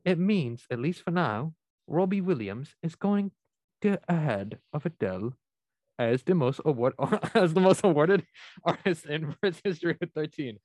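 A man's voice: on the high side, animated, moderate pace, darkish tone, no echo. A man hosting a casual chat show, playfully bossy and joking with his co-hosts. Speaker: host.

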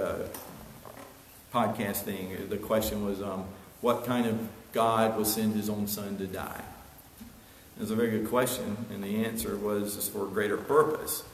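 A man preaching a sermon earnestly, building to emphatic peaks and then dropping quiet. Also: medium pitch, a little hiss or hum. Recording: echoey hall with long reverb, faint ambience.

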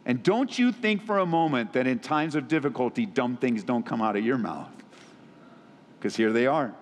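A man's voice: expressive, moderate pace. Man preaching in a reverberant hall. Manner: preaching with dramatic drops to low, quiet tones. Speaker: pastor. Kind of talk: sermon. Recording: long reverb of a large hall.

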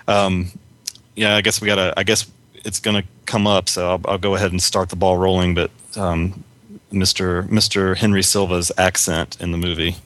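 A man with a very deep voice and a bright, forceful edge talks through movie scenes haltingly, stopping and restarting with a wry tone. He sounds like a casual podcast co-host. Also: level tone. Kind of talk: casual film chat.

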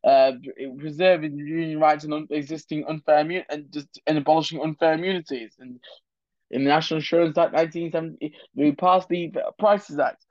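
A man puts on a self-satisfied middle-aged prime minister reading out his list of achievements. The voice sits a bit high and trips over the words as it goes. The recording is dull and dry. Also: fairly even intonation, fairly quick, darkish tone, no room sound, lightly acted. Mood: boastful. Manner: listing, stumbling over the words.

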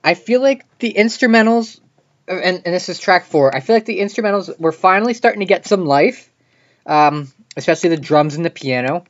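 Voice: medium pitch, expressive, fairly quick, muffled recording. A podcast host reviewing an album in a casual monologue, talking loosely with lots of "like" and restarted phrases. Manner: chatty, many "like" fillers and restarts.

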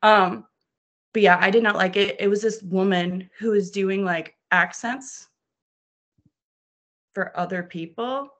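A woman from New Orleans talking in a loose, casual podcast chat. She is animated and swears freely, and she often acts out her own reactions mid-sentence. Her voice sits at a middle pitch. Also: unhurried, pauses often.

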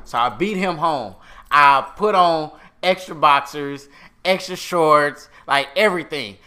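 Bright, animated young man in chat. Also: on the high side, a little slow. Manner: laughing, animated, chiming in. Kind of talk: casual storytelling chat.

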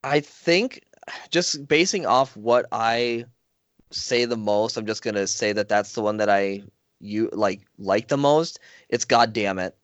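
A man's voice: on the low side, unhurried, dry recording, dull audio. A man as a guest in a casual podcast chat, chatty and upbeat, laughing often.

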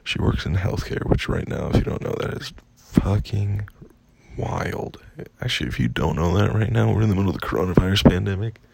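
A young man venting in a casual storytime rant, profane and exasperated, with a gravelly, husky voice. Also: low-pitched, brisk, a little mellow, dry recording. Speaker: vlogger.

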